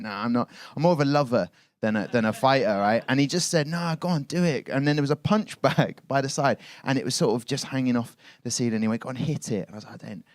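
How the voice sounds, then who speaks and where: Rambling self-mocking comedian on stage. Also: male voice. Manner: rambling, self-mocking, often laughs mid-sentence; gets louder and higher as stories build. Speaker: stand-up comedian. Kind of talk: live stand-up set.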